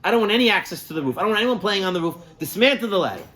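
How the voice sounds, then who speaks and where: A man's voice: high voice, expressive, rapid-fire, pushed and bright. A man doing a bossy rich landowner. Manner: bossy, instructing commands. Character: rich, exasperated older male estate owner.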